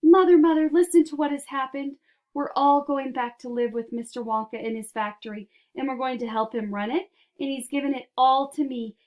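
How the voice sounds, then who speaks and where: Woman doing an earnest young boy, raised high and light, storybook reading. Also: normal speed, close to an everyday voice. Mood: excited. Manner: breathless and tumbling when excited. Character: earnest young poor boy, gentle and eager.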